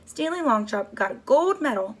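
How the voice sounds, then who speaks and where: A woman's voice: high-pitched, big pitch swings. Woman reading a storybook to children. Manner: pauses to ask listeners questions. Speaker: storybook reader.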